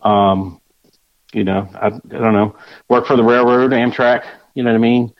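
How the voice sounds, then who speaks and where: A man's voice: medium pitch, steady tone, normal speed, dry recording, muffled recording. A man in his early forties from Delaware, answering interview questions in an easygoing way with many fillers. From Delaware, USA. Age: 40s. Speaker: guest. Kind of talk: casual interview.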